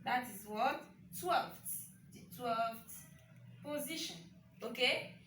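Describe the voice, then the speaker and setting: Woman teacher, bright voice, patient and repetitive, frequent "okay?" check-ins, recorded at a distance. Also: fairly high pitch, slow pace, reverberant, a little hiss or hum. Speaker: French teacher. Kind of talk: online language lesson.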